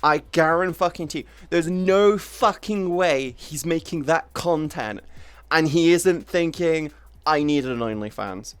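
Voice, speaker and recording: A woman's voice: sits low, unhurried, clear, resonant tone. A woman streamer in casual livestream chat who laughs often and swears freely as she teases her friends.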